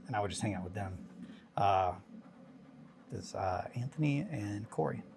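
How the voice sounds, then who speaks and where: A man's voice: on the low side, animated, normal speed, vocal fry, noisy background. A man streaming a casual hobby chat, rambling and chatty, swearing casually.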